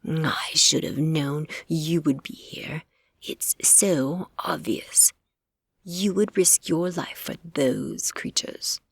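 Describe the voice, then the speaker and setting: A woman voicing a stern male Fae king who disapproves of his daughter, in a low, hushed and measured delivery. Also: gravelly, slightly rough, no echo, whispered, full character voice.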